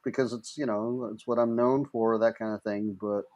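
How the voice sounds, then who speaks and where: A man, an actor appearing as a guest, answering questions hesitantly as he thinks out loud. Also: mid-range voice, fairly even intonation, moderate pace, dry recording, highs cut off. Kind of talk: casual chat.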